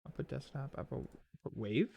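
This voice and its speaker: A man's voice: mid-range voice, moderate pace, gravelly, warm tone, slightly rough. A young man streaming a game, chatting casually in a rambling, profane way full of "like" fillers. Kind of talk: casual chat while setting up a game stream.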